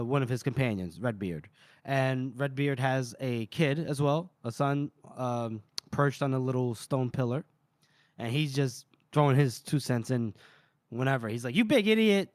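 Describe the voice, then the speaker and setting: A man's voice: mid-range voice, no echo, studio quality. A man co-hosting a podcast, animatedly retelling a book's chapters in casual chat with laughs. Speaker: podcast co-host. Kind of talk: casual book-discussion chat.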